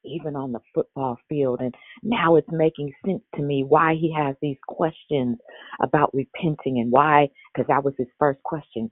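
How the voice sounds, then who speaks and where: A woman's voice: deep voice, fairly even intonation, moderate pace, no room sound. An older woman hosting a live devotional, teaching expressively with lots of vocal inflection. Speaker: devotional host. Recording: tinny phone-like line.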